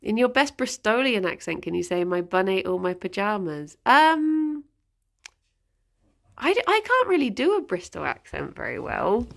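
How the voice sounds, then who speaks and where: A woman's voice: mid-range voice, big pitch swings, moderate pace, gravelly, fairly bright tone. A young woman chatting casually on a livestream at home, giggling and talking to her pet rabbits. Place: at home, indoors.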